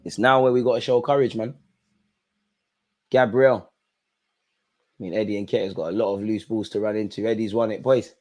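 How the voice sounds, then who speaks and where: A man's voice: lowish voice, fairly even intonation, normal speed, long pauses, darkish tone. A young man hosting a live football watch-along, reacting to the match in an exasperated way and talking straight at the players and the referee.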